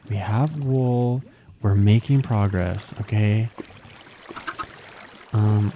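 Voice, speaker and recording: An excitable young man talks through his game session at an unhurried pace, his voice jumping high with gasps and squeals. A steady hiss of noise sits under the recording. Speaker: gaming channel host. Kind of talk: gameplay commentary.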